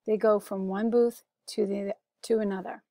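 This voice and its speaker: An American woman teaching a recorded Spanish vocabulary lesson, slow and careful, saying each word twice for pronunciation. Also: medium pitch, little pitch movement, vocal fry, dark tone, no echo. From United States.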